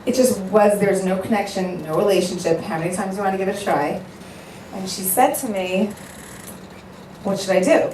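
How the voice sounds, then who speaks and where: A woman matchmaker giving a heartfelt talk to an audience, telling stories and acting out both sides of conversations in an animated way. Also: medium pitch, fairly quick. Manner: earnest, animated storytelling, acting out both sides of phone calls. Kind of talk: speech to an audience. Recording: echoey room, voice a bit far from the mic, faint background noise.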